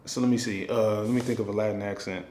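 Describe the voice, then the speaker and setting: A man's voice: on the low side, fairly even intonation, fast talker, a little mellow, a little hiss or hum. A man, a film director, thinking aloud in a casual, rambling monologue full of fillers and restarts. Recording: echoey room.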